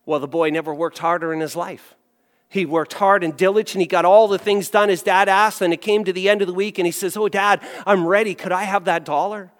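A man preaching a sermon as a pastor, telling a story with animated acted-out voices. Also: high-pitched, a little fast, in a large hall.

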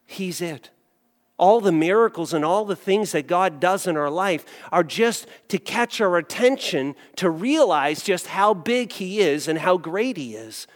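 A man preaching a sermon as a pastor, telling a story with animated acted-out voices. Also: high-pitched, a little slow, long reverb tail.

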